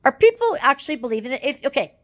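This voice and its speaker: A woman's voice: high-pitched, sing-song, fast talker, fairly bright tone. Exasperated chatty woman from Canada. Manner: exasperated, rambling, many fillers and tag questions. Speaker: political commentary vlogger. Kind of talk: casual political commentary.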